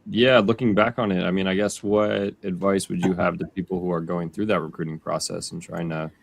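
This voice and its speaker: A man hosts a casual podcast interview. His voice is very low and gravelly, with plenty of fry. He feels his way into his questions, pausing and restarting before he lands them. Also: flat delivery, no room sound. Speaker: podcast host.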